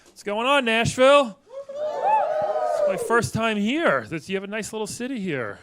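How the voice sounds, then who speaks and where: A man's voice: extremely high pitch, wildly swooping pitch, measured pace, heavy background noise. A man in his forties from New York doing a stand-up set, wry and conversational, riffing with the crowd. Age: 40s. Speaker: stand-up comedian. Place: comedy club stage with a live audience.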